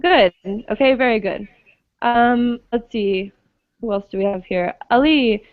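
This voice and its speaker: A woman with a fairly high voice leads a pronunciation lesson, explaining patiently and checking in with her students. The sound is dry and slightly dull. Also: unhurried, dry recording. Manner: patient, clear, checks understanding with "okay?". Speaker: English teacher. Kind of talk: online pronunciation class.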